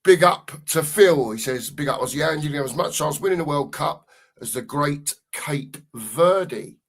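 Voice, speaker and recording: A man's voice: fairly high pitch, fairly bright tone. A man co-hosting a live football watchalong, giving casual commentary and reading out chat messages with plenty of banter. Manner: banter-filled, drawn-out emphasis on goal calls.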